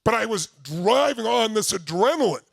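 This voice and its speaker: Older male workshop speaker, animated storyteller, dry close recording. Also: high voice, normal speed, gravelly, dry recording. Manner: energetic storytelling, shouts repeated phrases. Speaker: motivational speaker. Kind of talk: workshop talk to a live audience.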